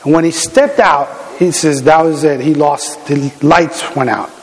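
A middle-aged man with a notably high voice delivers a sermon in a large hall, with long reverb trailing off his words. He tells stories in an animated, conversational way, stumbling and restarting often with "you know." His speech fills the room like a pastor speaking to a congregation. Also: a little slow. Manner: animated storytelling with many fillers and restarts.

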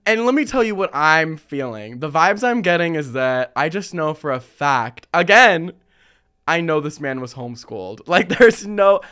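A young man hosting a casual chat, reading listener stories and telling his own with lively slang and frequent laughter. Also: a little high, clear, resonant tone. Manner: animated, laughs often, chatty slang. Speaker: podcast host.

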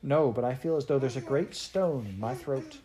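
A woman's voice: rumbling low, lively intonation, normal speed, a crowd in the background, voice pushed up. A woman reading aloud voices a homesick, frightened little girl who answers faintly and tearfully.

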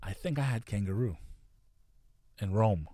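A man telling stories in casual chat, swearing constantly and talking in a loose, animated way. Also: fairly low pitch, a little slow, no room sound, studio quality. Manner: profane, storytelling, animated.

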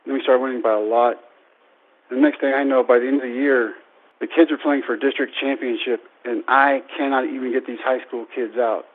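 A man in his thirties telling a personal story in a speech, self-deprecating and animated. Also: medium pitch. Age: 30s. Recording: tinny phone-like radio sound.

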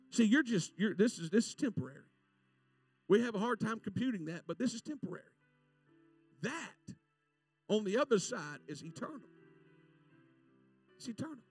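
High, gravelly preacher man. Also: no echo. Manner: fervent, folksy storytelling, drawing out scripture slowly. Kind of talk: sermon. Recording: voice from a distance from the mic, dry sound.

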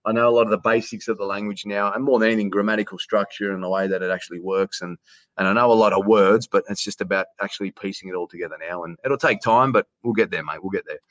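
Calling in from hotel quarantine, this chatty Australian sports announcer has a deep voice, fairly even intonation, and talks fast with no echo. He's warm, says mate a lot, and repeats his words in the casual conversation.

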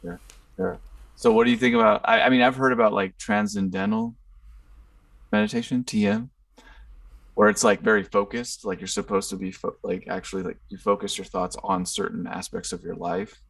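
A man's voice: medium pitch, very animated, normal speed, gravelly, a bit bright, no echo, far from the mic. A laid-back man hosting a podcast and chatting casually, swearing now and then. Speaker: podcast host. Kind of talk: casual chat. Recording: dry, set back from the mic.

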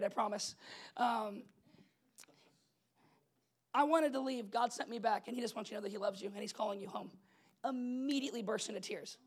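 A young adult man preaching a casual, story-driven sermon as pastor, animated and conversational, laughing often and checking in with the congregation. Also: very high voice. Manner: animated, conversational, laughs often, asks "you know what I'm saying?".

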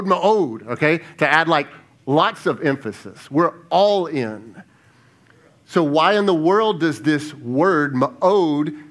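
Man preaching a conversational sermon. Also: a little high. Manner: conversational preaching, rhetorical questions, repeats words; softens to a hushed tone for reflective questions. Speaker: lead pastor.

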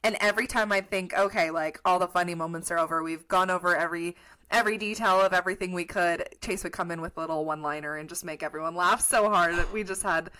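A woman's voice: on the low side, steady tone, fast, sharp tone. A young adult woman from Colorado, co-hosting a podcast in upbeat casual chat, full of "like" and "literally". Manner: chatty, upbeat, lots of "like" and "literally". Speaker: podcast co-host.

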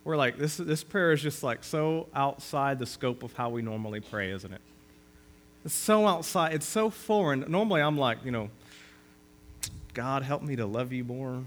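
A man's voice: a little high, animated, normal speed. A man preaching a sermon as pastor of a church, earnest and rising to emphasis when he quotes scripture.

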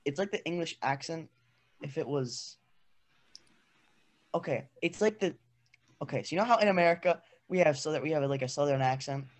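A man's voice: fairly high pitch, brisk, long pauses. A teenage boy talking casually on a student podcast, hesitant and full of fillers, explaining ideas through comparisons. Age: teens. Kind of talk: casual chat.

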